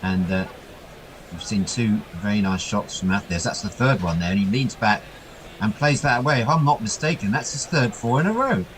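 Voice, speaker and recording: A man giving chatty ball-by-ball cricket commentary, getting excited when the ball reaches the boundary. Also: fairly low pitch, brisk, poor audio.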